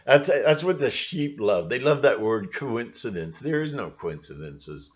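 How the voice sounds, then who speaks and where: A man's voice: mid-range voice, sing-song, unhurried, few pauses, lo-fi sound. A man in a rambling, emphatic monologue, full of restarts and asides, speaking to his channel's viewers. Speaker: channel host. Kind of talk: monologue to camera.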